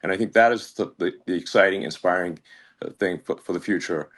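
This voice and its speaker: A man as a guest in a casual conversation, halting and stammering through many restarts. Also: low-pitched, fairly bright tone.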